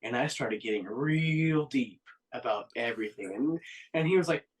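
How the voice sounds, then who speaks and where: A man's voice: a little high, moderate pace, far from the mic, low-quality recording. A man in a band telling a tour story in casual podcast chat, laughing and acting out quotes with a raised voice. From Oklahoma. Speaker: band member, guest.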